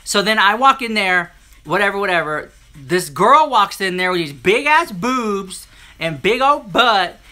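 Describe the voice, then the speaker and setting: A man chatting to a live-stream audience, telling a story in an animated, sassy way and acting out the other people in it. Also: high voice, unhurried. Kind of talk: casual storytelling to a live chat.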